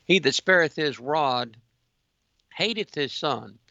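A man with a strongly gravelly voice hosts Christian talk radio, explaining scripture slowly and carefully. The sound is dull and muffled, close and dry. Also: a little high, expressive, pushed and bright, no echo.

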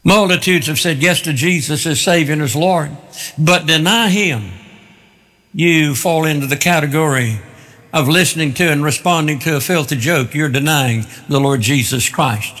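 A man's voice: a little high, normal speed, fairly bright tone. A male pastor preaching a sermon with an emphatic, repetitive cadence, recorded in a church sanctuary. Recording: long hall reverb.

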